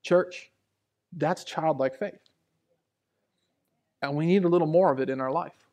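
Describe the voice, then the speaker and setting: Gravelly pastor telling stories from the pulpit. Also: male voice, fairly high pitch, a little slow. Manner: conversational, storytelling, swings between hushed asides and raised emphasis. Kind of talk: sermon with personal stories. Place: church sanctuary. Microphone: handheld or stage mic.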